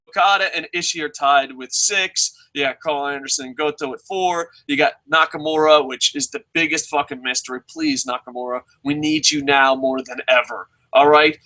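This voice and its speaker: A man reviewing wrestling shows in casual, profane commentary, excitable, with frequent swearing and stammering. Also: fairly high pitch, normal speed, hardly any pauses, poor audio.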